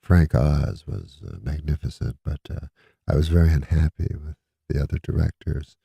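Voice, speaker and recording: A man imitating a calm, soft-spoken male film star who talks slowly and peacefully in a hushed voice. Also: rumbling low, gravelly, slightly rough, no room sound, pitched below the performer's own voice, full character voice. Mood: serene.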